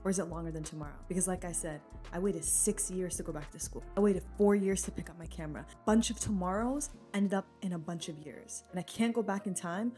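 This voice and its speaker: A woman's voice: lowish voice, mellow. A woman vlogger giving an earnest, encouraging motivational talk straight to the viewer, casual, with many "like" fillers. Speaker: lifestyle vlogger.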